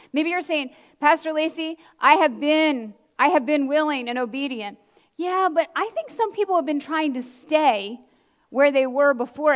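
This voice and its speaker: A middle-aged woman pastor preaching a sermon, earnest and emphatic, repeating key phrases and dropping in casual asides. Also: high-pitched.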